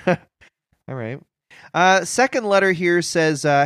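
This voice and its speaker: Male comedy co-host, dry and teasing, fairly high voice, no room sound. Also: expressive, slow pace, fairly bright tone, no room sound. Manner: dry, teasing, bluntly boastful. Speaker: podcast co-host. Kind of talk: improvised comedy banter.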